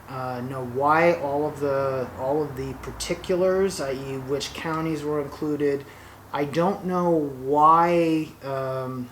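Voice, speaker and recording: A man from Oregon hosting his own channel, giving a political opinion monologue in a slow, deliberate way with frequent fillers and restarts. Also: medium pitch, fairly bright tone, slight background noise. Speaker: workshop channel host.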